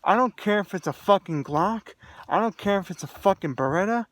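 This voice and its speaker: A man's voice: sits high, expressive, brisk, a bit bright. A young man on a vlog, ranting angrily and swearing heavily in a profane, agitated way. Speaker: vlogger. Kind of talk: angry solo rant to camera.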